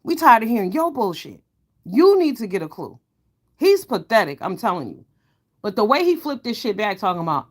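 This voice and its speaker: A woman's voice: sing-song, a little fast. Blunt, heated woman ranting on camera. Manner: emphatic, swings between low mutters and loud outbursts. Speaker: online commentator. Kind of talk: ranting commentary vlog.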